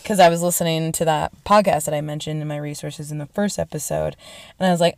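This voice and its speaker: A woman's voice: low voice, fairly even intonation, brisk, darkish tone, no room sound, studio quality. A woman podcast host telling a story in casual, slangy and profane chat. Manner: slangy, profane, lots of fillers.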